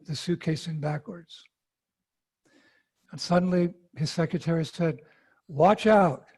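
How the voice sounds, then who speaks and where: A man, a monk being interviewed, telling a personal story with animated acted-out quotes. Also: on the high side, slightly rough.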